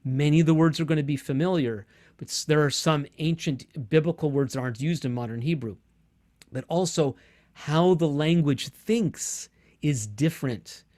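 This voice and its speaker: A man's voice: fairly high pitch, moderate pace, darkish tone. A middle-aged man teaching a Bible survey course in a casual, self-correcting way that sometimes laughs at himself. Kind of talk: teaching lecture.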